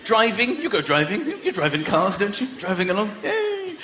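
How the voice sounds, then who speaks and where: A man giving an animated comic talk to a live audience, shouting out impressions. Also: high-pitched, moderate pace. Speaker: marriage counsellor speaker. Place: large room with a live audience. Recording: live talk, loud audience laughter and noise.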